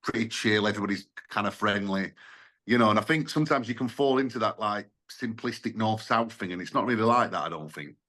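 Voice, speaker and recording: Enthusiastic man, low voice. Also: fairly quick, pushed and bright. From Sheffield, England. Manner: enthusiastic, chatty, tag questions. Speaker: guest, event promoter and musician. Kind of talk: casual radio interview.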